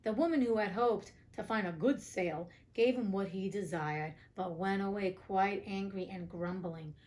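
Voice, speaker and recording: A woman's voice: mid-range voice, moderate pace, a little mellow. A young woman hosting an audiobook podcast, reading a fairy tale with cheeky, profane side comments. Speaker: podcast host and audiobook reader. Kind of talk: casual storybook reading with asides.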